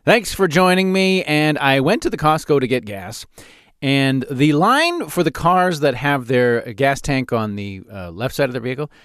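In clean studio sound with no room echo, a man in his forties from Calgary, Canada, hosts a solo comedy storytelling podcast. His mid-range voice is clear and resonant at normal speed, and he's animated, frequently cracking himself up.

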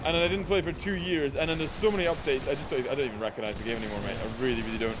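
A man's voice: mid-range voice, background noise. A young Scottish man chatting casually on a gaming live stream, saying "mate" a lot and laughing easily. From Scotland. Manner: chatty, says "mate" often, quick laughs.

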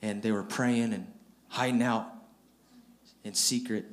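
A man's voice: lowish voice, steady tone, a little slow. A man preaching a storytelling sermon, retelling scripture in plain everyday speech and often repeating and restarting his phrases.

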